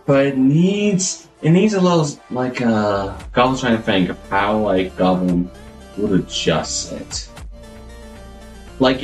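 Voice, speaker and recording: A man live streaming, chatting casually and rambling as he thinks aloud, always calling himself Goblin in the third person. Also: fairly low pitch.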